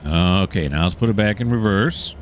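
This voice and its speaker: A man's voice: low-pitched, normal speed, a little hiss or hum. A man casually commentating his train-simulator play, chatty and mildly sarcastic, talking to himself and the game. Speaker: gaming channel host.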